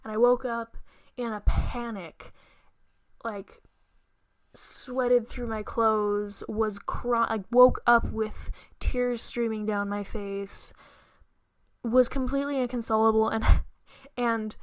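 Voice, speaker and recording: Woman podcast host, young adult, slow storytelling delivery, dry close sound. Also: fairly high pitch, steady tone, no echo. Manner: earnest, halting retelling with restarts. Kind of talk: storytelling monologue.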